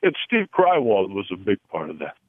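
A man's voice: deep voice, wildly swooping pitch, moderate pace, no room sound, heavily acted. A man playing a rambling, self-praising middle-aged male football coach who talks in folksy card-game analogies, heard over a phone line. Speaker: caller doing a comedy impression. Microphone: telephone.

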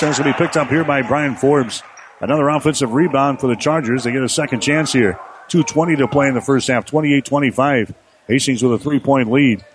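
Guy doing basketball play-by-play, mid pitch, quick steady calls, faint arena hum behind. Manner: rapid running commentary, rising on big plays. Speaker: play-by-play announcer.

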